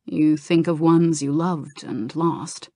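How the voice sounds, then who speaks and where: A woman voicing a gentle, wise dragon man. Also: low voice, steady tone, slow, no echo, clean studio sound, exaggerated voice. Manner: gentle, compassionate. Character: gentle, wise male dragon in human form. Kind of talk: audiobook reading.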